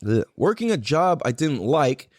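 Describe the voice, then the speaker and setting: In studio-quality sound with no echo, a man hosts a casual podcast, speaking at a measured pace in a darkish voice that sits on the high side with big pitch swings. He rambles, swears heavily, and fills his speech with "like."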